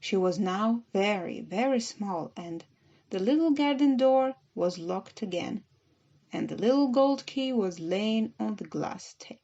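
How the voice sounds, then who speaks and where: A woman narrating a children's storybook audiobook in a measured, gentle reading. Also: mid-range voice, animated, muffled recording.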